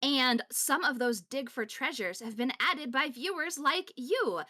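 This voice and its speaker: A woman's voice: high-pitched, a little slow, bright, forceful tone. A woman co-hosting a game stream, friendly and explanatory in casual chat. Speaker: co-host.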